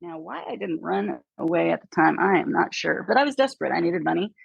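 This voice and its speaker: Woman with a raspy husky voice telling animated stories, dry close sound. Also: lowish voice, a little fast, dry recording, muffled recording. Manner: animated storytelling, mimics others in hushed voices. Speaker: guest. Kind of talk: casual chat.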